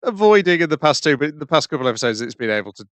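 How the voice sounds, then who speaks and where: A man's voice: a little high, sing-song, rapid-fire, a bit bright, no echo. A man on a podcast, speaking hesitantly and searching for words in casual chat. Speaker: podcast co-host.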